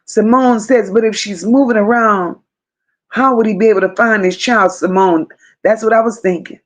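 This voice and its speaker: This woman reads viewer comments on her live stream in a steady, mid-range voice at a moderate pace. Her reactions are emphatic and repetitive, and she addresses viewers by name.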